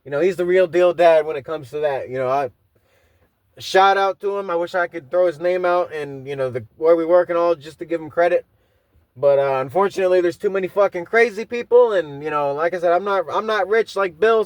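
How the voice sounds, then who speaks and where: A man's voice: high voice, brisk, no echo. A man hosting a podcast, telling rambling, profane stories in a casual monologue full of restarts. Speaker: podcast host.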